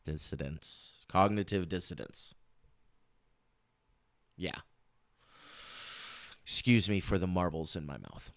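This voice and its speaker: A man hosting a political commentary show talks slowly in a smooth, clear, fairly low voice. He rambles, restarts his phrases and repeats words for emphasis. The sound is dry and close. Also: no room sound.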